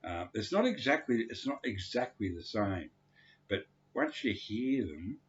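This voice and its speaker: Casting: low-voiced man, a bit drunk, crude rambling monologue, dull lo-fi sound. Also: expressive, measured pace, a little hiss or hum. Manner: crude, rambling, cursing freely. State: tipsy.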